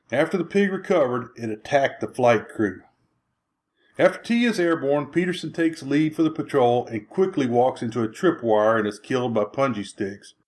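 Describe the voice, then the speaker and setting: Guy narrating a movie recap, dry jokes dropped in, average pitch. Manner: dry wry asides. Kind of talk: scripted narration.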